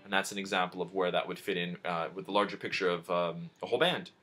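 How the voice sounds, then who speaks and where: Man, guitar teacher, casual video lesson, bright voice, chatty, faint guitar playing behind. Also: deep voice, steady tone, quick pace. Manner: chatty, informal, talks to the viewer directly.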